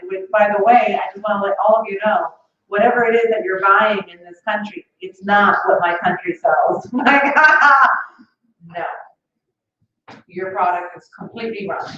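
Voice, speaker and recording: Colombian woman comic, animated and laughing, stage mic in an echoey room, lo-fi. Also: fairly high pitch. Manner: animated, laughing at her own jokes, drawn-out emphasis. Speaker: stand-up comedian opening an open mic. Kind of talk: stand-up comedy set. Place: stage at a comedy club. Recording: echoey distant room sound, dull lo-fi.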